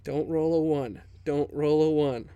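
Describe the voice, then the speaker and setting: A man's voice: on the high side, fairly even intonation, unhurried, dark tone, clean tone, no echo, lo-fi sound. A young man joking around as a player in a tabletop game, sometimes putting on voices for his character.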